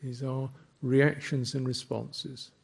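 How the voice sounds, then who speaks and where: A male Buddhist teacher delivers a dharma talk very slowly and reflectively, pausing between phrases. His slightly low voice has a husky, gravelly grain and a level tone.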